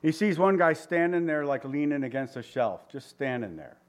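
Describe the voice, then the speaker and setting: A man's voice: on the high side, animated, normal speed. A man preaching a conversational sermon, asking his listeners questions and voicing quotes. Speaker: pastor.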